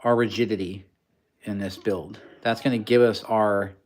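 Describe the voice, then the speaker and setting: A man's voice: on the low side, steady tone, normal speed. A man hosting a casual livestream, talking through a build in a rambling, joking, technical way.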